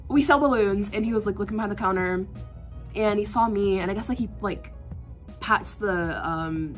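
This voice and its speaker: A young woman vlogger telling a work story in casual chat, animated and exasperated, with lots of filler words and sighs. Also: medium pitch, moderate pace, faint music behind. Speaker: art vlogger.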